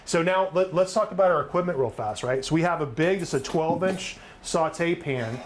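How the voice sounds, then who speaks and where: A man's voice: a little high, normal speed, a little hiss or hum. A middle-aged man, host of a live cook-along, talking through his recipe in an upbeat, chatty way and often asking "right?". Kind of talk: live cooking demonstration.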